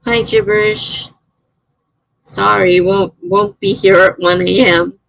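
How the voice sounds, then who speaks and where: Gravelly-voiced chatty middle-aged woman. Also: mid-range voice, fairly even intonation, slow pace, fairly bright tone, no room sound, poor audio. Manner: chatty, answers chat messages, laughs often. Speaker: live streamer and writer. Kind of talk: casual live-stream chat.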